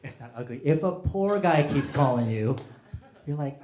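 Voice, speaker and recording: A male stand-up comedian doing a set, animated and acting out quoted voices with loud bursts. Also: on the high side, brisk. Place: comedy stage before a live audience. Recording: echoey hall, audience laughter. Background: audience laughter.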